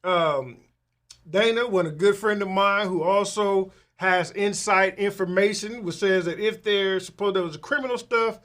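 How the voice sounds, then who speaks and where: A man, a tax professional, talking casually to his audience, rambling with many restarts and asking "right?" often, getting animated when he retells conversations. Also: high voice, normal speed.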